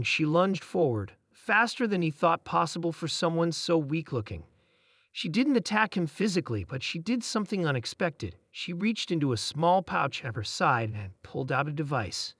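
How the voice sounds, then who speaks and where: A male narrator reading a scripted sci-fi tale with a steady, dramatic delivery. His pitch moves freely, and the close, dry recording has no room sound. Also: no echo. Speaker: story narrator.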